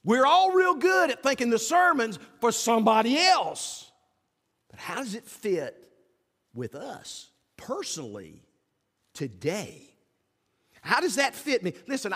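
A man preaching a sermon in a folksy, animated way, acting out little asides to the congregation. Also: very high voice. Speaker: pastor. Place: church sanctuary. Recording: long church reverb.

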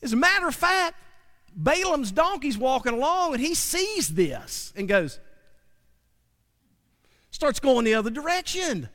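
A man's voice: very high voice, sing-song, measured pace, long pauses, fairly bright tone, in a large hall. A man preaching a sermon in a folksy, conversational way, often asking his listeners questions.

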